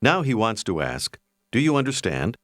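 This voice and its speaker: A man narrating a recorded language lesson in a clear, measured, teacherly way. His voice sits on the low side but moves with lively intonation. The sound is dry and close. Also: dry recording. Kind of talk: scripted language-lesson instruction.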